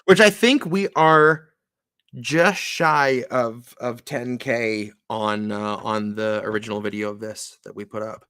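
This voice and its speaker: Bright-voiced laid-back man. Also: mid-range voice, steady tone, a little slow, clear, resonant tone, dry recording, studio quality. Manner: laid-back, self-mocking, frequent fillers. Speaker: musician co-host. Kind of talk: casual chat.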